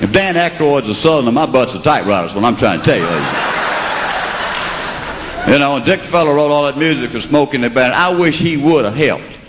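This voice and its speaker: A Southern-accented man tells stories on stage in a drawling, mock-indignant way. His pitch swings in a lively way. The live recording carries a long hall reverb, with crowd noise and hiss behind him. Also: fast talker. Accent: Southern American. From Southern United States. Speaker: stand-up comedian. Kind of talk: stand-up comedy set. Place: comedy stage before an audience.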